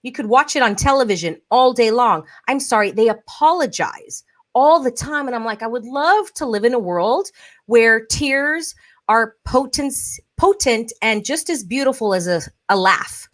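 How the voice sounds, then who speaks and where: A woman hosting a podcast in a lively chat, acting out quoted voices as she talks. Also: on the high side, moderate pace. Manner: animated, acts out quoted voices. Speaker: podcast host. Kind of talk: casual podcast conversation.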